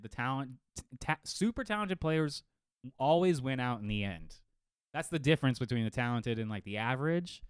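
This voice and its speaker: A man co-hosting a casual fantasy football podcast, telling stories in a lively, profane way from a home studio. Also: medium pitch, fairly quick, clear, resonant tone, dry recording. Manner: animated, profane storytelling. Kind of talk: casual chat. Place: home studio living room.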